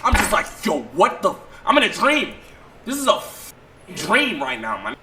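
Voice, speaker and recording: Speaking at normal speed with big pitch swings, a man tells his stream a wild personal story in casual, profane slang. He swings from low mutters to loud outbursts.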